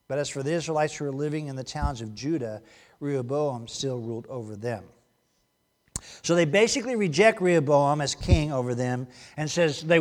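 Guy preaching in church, kinda high voice, gets big and loud acting out quotes then goes real quiet. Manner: animated, acts out quotes loudly, then drops to a hushed aside. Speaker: pastor. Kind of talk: sermon.

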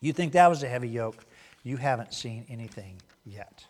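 A man preaching a sermon in a church, acting out quotes loudly and then dropping to quiet asides. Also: medium pitch, normal speed. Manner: animated, acts out quotes loudly, then drops to a hushed aside. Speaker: pastor.

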